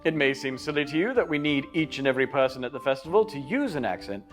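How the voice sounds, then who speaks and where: A man's voice: mid-range voice, lively intonation, quick pace, soft background music. A man in a put-on English accent narrating a training video in a playful, theatrical and emphatic way.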